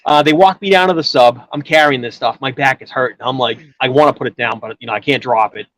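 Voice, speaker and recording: A man's voice: mid-range voice, fast, fairly bright tone, a little hiss or hum, rough recording. A man telling a long personal story in casual chat, rambling with many restarts and filler words. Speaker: guest storyteller.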